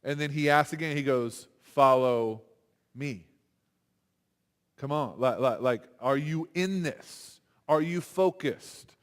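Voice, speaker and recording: A man giving a chapel sermon in an animated, conversational way, acting out quotes as he goes. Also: on the high side, unhurried, few pauses. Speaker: chapel speaker. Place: university chapel. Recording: long hall reverb.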